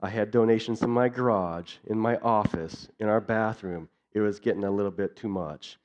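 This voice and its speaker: A man's voice: lowish voice, moderate pace, a little mellow. Earnest man giving a church missions talk. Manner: earnest, builds repeated lists. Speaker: missions speaker.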